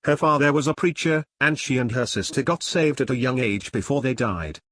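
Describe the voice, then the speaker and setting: A man narrating his own novel in the first person, reading at a measured pace. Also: medium pitch, a bit bright, dry recording, studio quality. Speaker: author and narrator. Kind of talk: audiobook narration.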